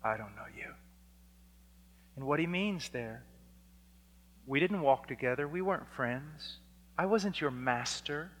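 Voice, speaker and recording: A man preaching a fiery sermon, dropping to a hush and then rising to shouts as he acts out exchanges. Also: fairly high pitch, expressive, a little slow. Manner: swings from hushed to shouting, acts out dialogues. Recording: long hall reverb.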